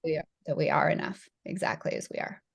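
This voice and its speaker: A woman's voice: sits low, fairly even intonation, fast, creaky, husky. A woman talking as a podcast guest, giving an encouraging, affirming message. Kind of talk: casual interview talk.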